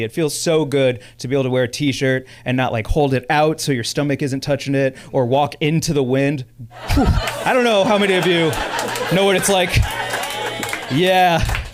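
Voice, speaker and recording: Animated stand-up comic on a club stage. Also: male voice, a little high. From Chicago. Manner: animated, exclaiming, laughing through lines. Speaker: stand-up comedian. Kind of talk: stand-up comedy set. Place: comedy club stage with audience.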